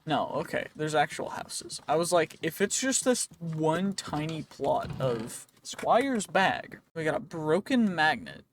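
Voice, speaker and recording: High-voiced man chatting over gameplay. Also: very animated, a little slow, few pauses, background noise. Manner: chatty, rambling, jokey self-talk. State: voice a bit worn. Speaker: let's play host. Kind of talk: casual gameplay commentary.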